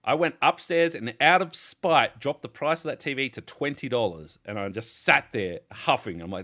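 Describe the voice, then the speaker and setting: A man's voice: mid-range voice, expressive, normal speed, hardly any pauses, pushed and bright. A man, the host of a casual podcast, telling a story with lots of swearing and acted-out exasperation.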